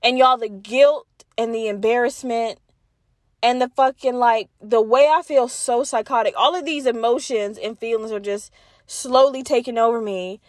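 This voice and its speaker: A woman's voice: fairly high pitch, normal speed, no room sound, clean studio sound. Profane young woman telling a story. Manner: profane, animated, addresses listeners as y'all. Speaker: podcast host. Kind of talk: casual storytelling monologue.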